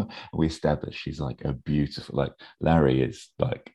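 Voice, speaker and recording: A man with a very deep, husky voice, rambling through a story in casual chat, full of fillers. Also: steady tone, moderate pace, hardly any pauses, warm tone. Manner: rambling, many fillers, acts out characters' lines in a high voice. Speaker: podcast guest pitching a fan episode.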